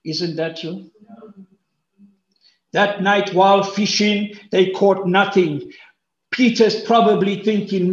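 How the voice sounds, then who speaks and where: Slow, high-voiced preacher in an echoey room. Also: male voice. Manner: animated, acts out voices with big pitch jumps. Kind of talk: sermon. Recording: roomy echo, dull lo-fi sound.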